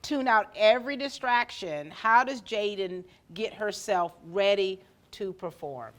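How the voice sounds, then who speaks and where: A woman's voice: medium pitch, lively intonation, measured pace. Gushing woman interviewer. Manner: effusive, encouraging, rambling questions. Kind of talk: casual interview.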